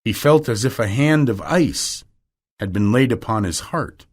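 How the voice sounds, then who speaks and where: Slow, deliberate male narrator. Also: medium pitch, lively intonation. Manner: clear and deliberate. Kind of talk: audiobook reading for English learners.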